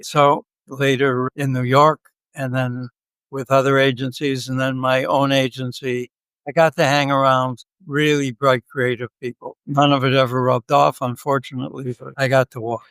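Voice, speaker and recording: A man in his seventies talks as a podcast guest, easygoing and quick to joke. He tells his stories at a middle pitch. The recording is dry, with no room sound. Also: level tone, a bit bright, smooth, dry recording. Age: 70s. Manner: joking, easygoing. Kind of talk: casual interview storytelling.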